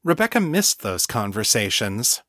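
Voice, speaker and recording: A man narrating a serial audiobook in a steady, measured way, recorded on a close mic. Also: on the low side, no room sound. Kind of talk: scripted narration.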